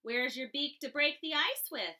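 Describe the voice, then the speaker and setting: A woman's voice: high-pitched, normal speed, pushed and bright. A woman playing jeering, boastful farm animals. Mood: taunting. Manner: taunting, scornful, jeering laugh. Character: mocking boastful barnyard animals: duck, dog, cat, bird.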